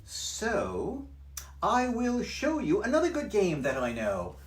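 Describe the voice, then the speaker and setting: A man's voice: sits high, huge pitch swings, takes it slowly, pitched above the performer's own voice, full character voice. A man doing a jaunty, showy mischief-making cat. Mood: playful. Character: cheeky mischievous cat in a hat, male, playful. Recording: roomy sound from a distance.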